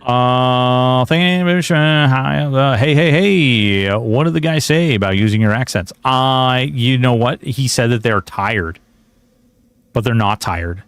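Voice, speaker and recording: A man's voice: mid-range voice, slow pace, fairly bright tone, clean tone, dry recording. A man streaming a game, chatting casually in a rambling, joking way and slipping into mock outrage. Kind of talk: casual gameplay commentary.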